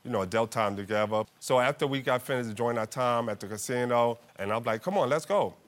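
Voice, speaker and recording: A man testifying as a husband in a TV court case, playful and animated as he tells his story. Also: medium pitch, fast. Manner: playful, animated storyteller who laughs a lot.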